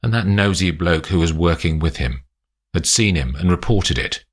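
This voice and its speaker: A man narrating a spy story aloud in a slow, expressive way. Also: sits low, breathy edge. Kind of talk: audiobook narration.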